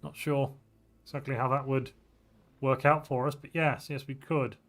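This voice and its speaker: A man's voice: mid-range voice, level tone, normal speed, a bit bright. A man casually commentating a strategy game on a livestream, thinking aloud and reacting to viewer chat in a playful way. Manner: playful, muses aloud while weighing options. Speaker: game streamer. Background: faint background music.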